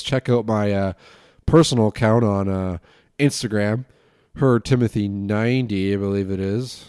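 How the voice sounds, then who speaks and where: A man's voice: fairly low pitch, a little mellow, no echo, studio quality. A man hosting a casual solo podcast at home, ranting and swearing in a loose, tipsy way, his nose stuffed up. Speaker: podcast host.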